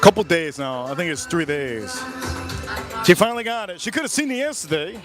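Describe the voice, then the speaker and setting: A man hosting a casual livestream, talking to his chat in an animated way and repeating his phrases. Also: a little high, a little fast, music in the background. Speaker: livestream host.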